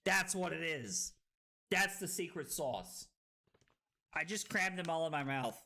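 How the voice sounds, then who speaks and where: A young woman streaming and commentating a card game tournament, animated and quick to laugh. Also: low-pitched, vocal fry.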